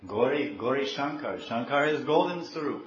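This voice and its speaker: Animated male preacher in an echoey room. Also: medium pitch, moderate pace. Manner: animated, repeats himself, asks the audience questions. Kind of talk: devotional sermon with storytelling. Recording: dull echoey room, faint hiss.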